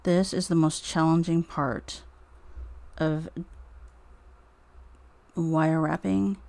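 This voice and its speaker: Gravelly woman muttering over crafts. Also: low voice, mellow. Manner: mutters to herself while working. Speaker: craft streamer. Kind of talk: live-stream craft demo.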